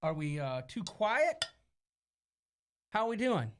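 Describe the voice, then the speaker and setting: A Midwestern American man hosting a laid-back live stream, his voice high and bouncing all over the place. He jokes constantly and reads viewer comments aloud with plenty of expression. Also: big pitch swings, takes it slowly, slight background noise. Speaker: co-host. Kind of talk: casual live-stream chat.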